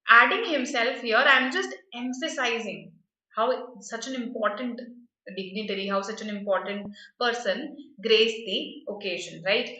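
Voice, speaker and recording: A woman's voice: on the high side, pushed and bright, roomy sound, poor audio. A woman teaching a grammar lesson for exam prep, explaining patiently and often checking with "right?".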